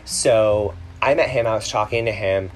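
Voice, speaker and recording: Chatty podcast host, lower voice. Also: male voice, moderate pace, faint music behind. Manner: chatty, rambling, with many ums and self-corrections. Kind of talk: casual chat.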